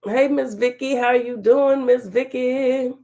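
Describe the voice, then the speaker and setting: A woman with a slightly high, gravelly voice hosts a relaxed livestream talk show. She chats in a folksy way and greets viewers one by one by name. Her voice is still a bit off as she gets over being sick. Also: slow. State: recovering from illness, voice slightly off.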